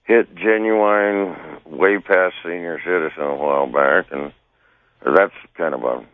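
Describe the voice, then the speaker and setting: A man's voice: deep voice, measured pace, no echo. A man in his sixties calling in, talking in a folksy, rambling way about life in the mountains. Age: 60s. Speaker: caller. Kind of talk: casual chat. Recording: tinny phone line.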